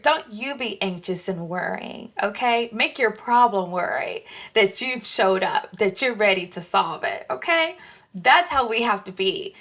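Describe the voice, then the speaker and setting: A woman hosting a devotional podcast, preaching with animated energy and addressing her listeners as y'all. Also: medium pitch. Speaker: Christian podcast host. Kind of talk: devotional teaching.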